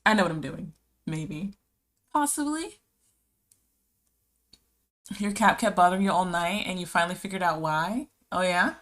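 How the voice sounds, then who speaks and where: Young woman art streamer with a lowish voice, talking casually and chattily while drawing. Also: fairly bright tone. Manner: chatty, rambling, answers chat messages aloud.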